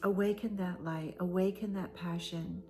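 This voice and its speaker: A woman giving a channeled oracle card reading, speaking in slow, emphatic, repeated phrases that often sink into soft, breathy near-whispers. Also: lowish voice, fairly even intonation, slight background noise. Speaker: spiritual oracle card reader.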